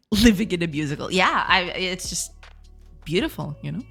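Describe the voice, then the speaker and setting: Laughing woman streaming, lively pitch. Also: normal speed, gravelly, husky, soft background music. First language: Portuguese. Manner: laughs often, chats with viewers. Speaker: game dev streamer. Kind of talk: casual live-stream chat.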